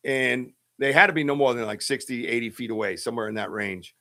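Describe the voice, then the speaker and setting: A man's voice: medium pitch, fast talker, sharp tone. A man hosting a podcast, telling a story in a casual, rambling way with lots of fillers and restarts. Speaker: podcast host. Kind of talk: casual storytelling on a live stream.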